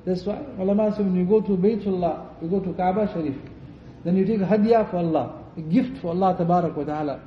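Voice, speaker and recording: A man's voice: sits high, fast talker, slight background noise. A man preaching a night sermon in a mosque during Ramadan, then leading a fervent pleading supplication with repeated invocations. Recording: distant echoey lo-fi mosque recording.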